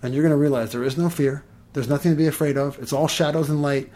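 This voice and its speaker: A man, an energy healer, chatting casually and telling lively stories, swearing and laughing as he goes. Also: on the high side, quick pace. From Los Angeles. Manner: animated, swears, laughs through his stories. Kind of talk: casual storytelling in conversation.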